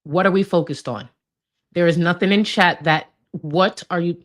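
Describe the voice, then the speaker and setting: A woman with a low, deep voice talks through clips in reaction commentary. She is blunt and profane, and exasperation runs through her delivery. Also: moderate pace.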